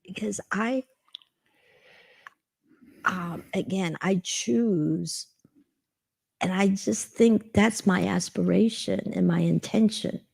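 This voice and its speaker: A woman in a reflective spiritual conversation, speaking slowly in soft, half-whispered phrases. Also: mid-range voice, creaky, breathy edge. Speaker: participant in the session.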